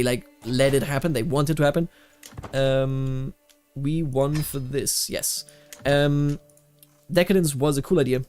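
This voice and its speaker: A man's voice: medium pitch, a little mellow. A man from Bavaria giving casual commentary while playing a strategy game, rambling with many fillers and restarts. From Bavaria, Germany.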